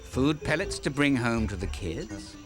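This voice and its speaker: A man's voice: mid-range voice, sing-song, measured pace. A man narrating a nature documentary for kids in a playful, jokey scripted style with wisecracking asides. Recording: background music with crickets.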